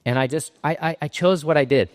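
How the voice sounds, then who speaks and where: A middle-aged man from Southern California giving a keynote talk, telling a personal story in a halting, emotionally raw way with frequent restarts. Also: fairly high pitch. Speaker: keynote speaker. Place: conference stage in a large hall. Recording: reverberant hall sound.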